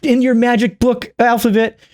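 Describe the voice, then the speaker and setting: A man voicing a bitter, bratty young woman in a wheelchair in a shrill, mocking, crude way. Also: level tone, normal speed, darkish tone.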